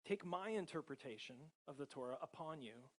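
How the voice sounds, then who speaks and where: Fairly high-pitched, animated and brisk, an American male pastor preaches conversationally. He laughs frequently and checks in with his congregation using lots of tag questions.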